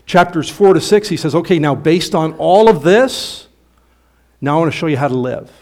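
A man preaching a sermon, emphatic and swelling loud on key points, then dropping low and quiet at the ends of phrases. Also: expressive, moderate pace. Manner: emphatic preaching, rising loud on quoted passages. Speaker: pastor.

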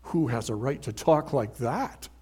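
A man preaching a sermon in an animated, emphatic way, swinging from loud to hushed. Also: medium pitch, unhurried, husky.

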